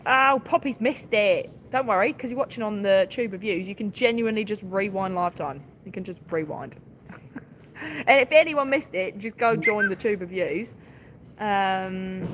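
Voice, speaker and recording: A woman's voice: lowish voice, background noise. A tired woman, a livestock farmer chatting casually on a live stream, giggling often and filling gaps with ums. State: tired, short on sleep.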